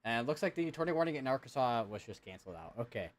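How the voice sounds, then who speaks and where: A young man hosts a weather stream, calling out live storm updates in a medium-pitched voice that's very animated and rapid-fire. His severe weather commentary is casual and rambling, full of fillers and restarts.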